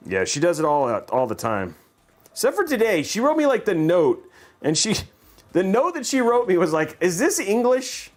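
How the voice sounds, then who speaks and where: A man's voice: sits high, wildly swooping pitch, moderate pace. A man hosting a livestream, chatting casually in a rambling, joking way and laughing often. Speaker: livestream host.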